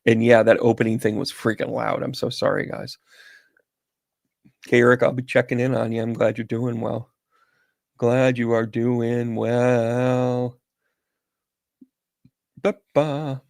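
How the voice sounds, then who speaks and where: A man's voice: medium pitch, little pitch movement, a little fast, gravelly, dry recording. A man hosting a casual livestream, chatting with viewers by name and telling rambling stories while reading tarot on a close, sensitive microphone. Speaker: psychic medium host.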